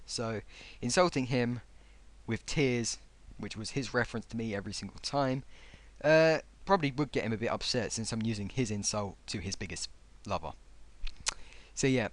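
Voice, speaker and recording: Man, sarcastic rant, lively swinging voice, dry close sound, exasperated. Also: medium pitch, dry recording. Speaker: YouTuber reading comments. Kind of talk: ranting commentary on comments.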